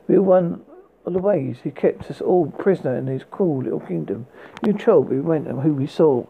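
A man reads a memoir aloud in a fairly high, gravelly voice, often tripping over words and starting them again. The sound is thin and tinny, like a phone line. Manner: halting reading with frequent stumbles and restarts. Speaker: reader.

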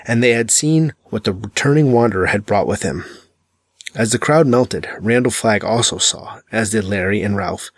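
A man reads a dark novel aloud in a measured, dramatic way. His voice sits on the low side. The sound is dry and close, with no room around it. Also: slightly rough, no echo. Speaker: audiobook narrator. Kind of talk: scripted narration.

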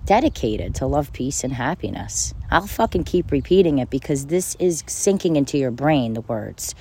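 Blunt, swearing self-help talker, mellow voice. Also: mid-range voice, expressive, moderate pace, breathy edge. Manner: blunt, profane and repetitive, with bursts of laughter. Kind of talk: casual motivational monologue.

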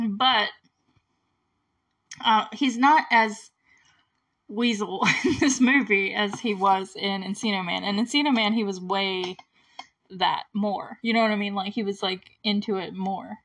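A woman's voice: mid-range voice, steady tone, a little slow, a bit bright. A woman casually recapping a movie, chatty and giggly, full of filler words and acting out the characters' lines.

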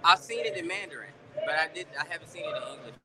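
A man's voice: fairly high pitch, very fast. A man joining a casual podcast chat by remote call from a basketball game he is DJing, joking and telling stories playfully. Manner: jokey, laughing, playful storytelling. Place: indoor school basketball gym. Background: crowd and music of a basketball game.

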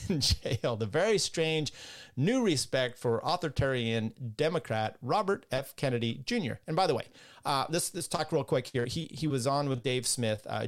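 A man hosting a political podcast, rambling casually and reading articles aloud with exasperated asides. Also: mid-range voice. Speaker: podcast host.

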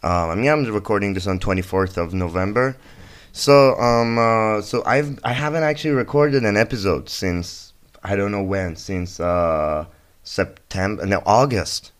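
A young man with a fairly low voice, talking off the cuff as the host of his own podcast. He wanders from story to story, swearing freely and joking as he goes, in a loose, chatty monologue. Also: clear, resonant tone. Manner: rambling, profane, jokey storytelling. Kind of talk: casual solo podcast monologue.

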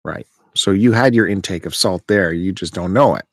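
A man's voice: sits low, moderate pace, dry recording. A man co-hosting a casual podcast from home, chewing food as he talks and trading light banter. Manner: chewing while talking, relaxed banter. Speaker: podcast co-host. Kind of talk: casual chat.

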